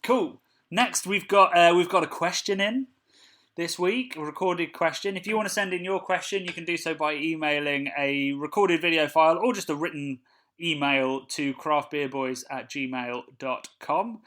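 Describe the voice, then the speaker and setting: A man co-hosting a podcast, chatting in a relaxed, jokey way and laughing easily. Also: a little high, moderate pace. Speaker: podcast co-host. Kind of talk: casual chat.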